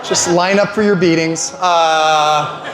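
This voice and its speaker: A man in his forties doing an animated stand-up comedy set and throwing quick asides to the crowd. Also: a little high. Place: comedy venue stage. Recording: roomy venue with background noise.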